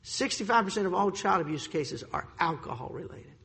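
A male preacher with a high-pitched voice delivers a sermon in an emphatic, deliberate way, drawing out the words he wants to land. He sometimes trips over a word and restarts. His voice rings out in a long hall reverb. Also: animated, gravelly, pushed and bright. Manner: emphatic, slows for stressed points, stumbles on words.

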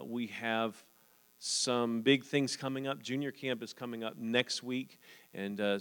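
A man's voice: fairly low pitch, clean tone. Preacher man in a reverberant church. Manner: reads scripture, then talks earnestly with frequent "Amen?". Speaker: pastor. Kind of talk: sermon. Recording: long hall reverb.

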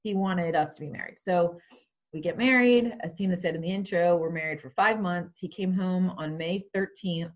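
A woman's voice: fairly low pitch, normal speed. A woman in her forties, a podcast guest, telling a personal story in a conversational way with many fillers.

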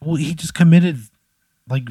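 A man bantering on a comedy podcast, indignant and profane in a deadpan way. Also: fairly high pitch, measured pace, husky, no room sound.

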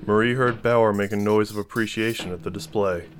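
A man narrating a fiction audiobook in a steady, measured reading. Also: lowish voice.

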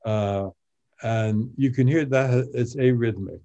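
Older man, podcast guest, halting speech, slow, mellow tone. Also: medium pitch, highs cut off. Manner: halting, many fillers and restarts. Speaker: guest translator of biblical poetry. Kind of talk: podcast interview.

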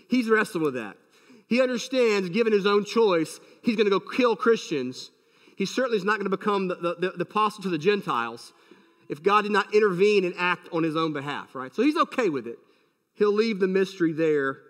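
Male pastor mid-sermon, emphatic, high-pitched, with a long reverberant hall tail. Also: a bit bright. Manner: emphatic, many rhetorical questions.

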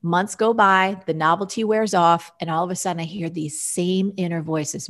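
A woman in her forties, slightly low-pitched, sharing a personal story as a guest on an interview show. She tells it with animation, voicing her own old thoughts as quotes along the way. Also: moderate pace, hardly any pauses.

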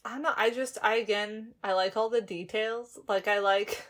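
Woman, casual chat, mid pitch, relaxed, detail-focused. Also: moderate pace.

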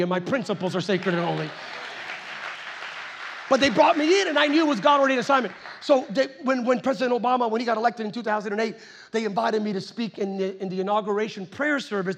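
A middle-aged man preaching with a strikingly high voice for a man. He tells his story animatedly, chuckling along the way and now and then bursting out loudly. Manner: animated, chuckling storyteller with sudden loud outbursts. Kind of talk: storytelling sermon.

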